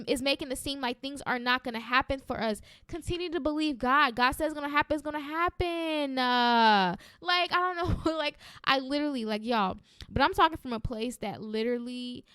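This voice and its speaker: A woman's voice: on the high side, clean tone, no echo, studio quality. Upbeat woman hosting a faith podcast. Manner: energetic, conversational, often asks "right?"; encouraging and preacherly. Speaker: podcast host.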